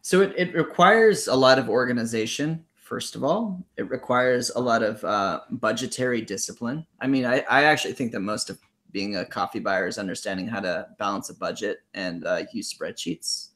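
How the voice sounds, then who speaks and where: A man answering interview questions as a coffee buyer, talking in a halting way and repeating words as he starts. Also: mid-range voice, a bit bright. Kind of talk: casual interview chat.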